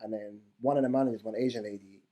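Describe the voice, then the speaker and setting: A man telling stories in casual podcast chat, animated and slangy. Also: lowish voice, fast talker. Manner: animated storyteller with British slang. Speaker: podcast co-host.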